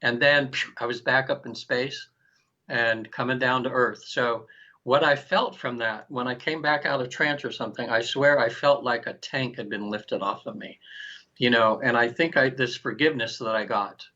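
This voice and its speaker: An animated man in his sixties, guesting on an interview show, tells a long personal story. His voice is bright and edged. He jumps into quoted lines and restarts his thoughts, and the recording sounds muffled and lo-fi. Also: medium pitch, moderate pace. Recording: dull lo-fi recording.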